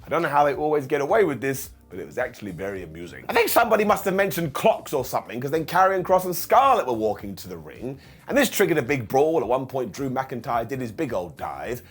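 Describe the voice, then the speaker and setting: A man's voice: mid-range voice, sing-song, fairly quick, husky. A man reviewing a wrestling show in a casual, sarcastic recap, acting out quotes in funny voices.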